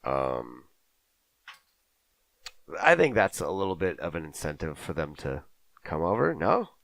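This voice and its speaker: A man's voice: low-pitched, wildly swooping pitch, unhurried, creaky, a bit bright, no room sound. A man co-hosting a podcast, chatting casually and rambling, self-deprecating about his own voice. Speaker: podcast co-host. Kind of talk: casual chat. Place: basement.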